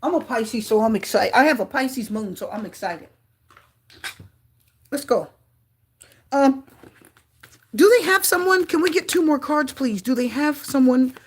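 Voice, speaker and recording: A woman giving a live tarot reading to her viewers, talking in an excitable way with frequent exclamations. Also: sits high, unhurried, long pauses, slight background noise. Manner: excitable, gasping and exclaiming at cards. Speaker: tarot reader.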